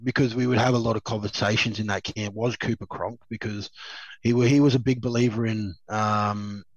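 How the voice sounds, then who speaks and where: Heard in a dry, lo-fi recording, this Australian man in his thirties speaks a little fast in a fairly low, steady voice. Once a rugby league player, he's a chatty interviewee who drifts between anecdotes, laughs a lot and leans on "um" and "you know" throughout the relaxed conversation.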